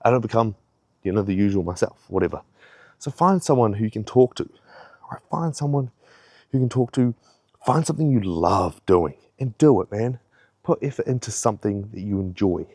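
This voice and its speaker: Blunt, swearing guy, low voice. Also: lively intonation, a little fast, dark tone, no room sound, clean studio sound. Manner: rambling, heavily profane, blunt. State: slightly out of breath. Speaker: fitness vlogger. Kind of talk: casual pep-talk vlog.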